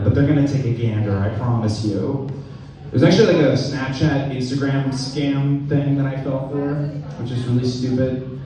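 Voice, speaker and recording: A young man doing stand-up with a deadpan, unhurried delivery, letting each punchline land slowly. His voice is dark and mellow. It is heard from a distance in a very echoey club room. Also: mid-range voice. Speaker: stand-up comedian. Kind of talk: stand-up comedy set. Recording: echoey room from far off the mic.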